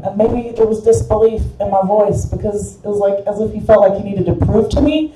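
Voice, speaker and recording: A woman's voice: medium pitch, a little fast, dark tone, a little hiss or hum. A woman stand-up comedian telling a crude, rambling story live on stage in a club. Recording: echoey club from far off.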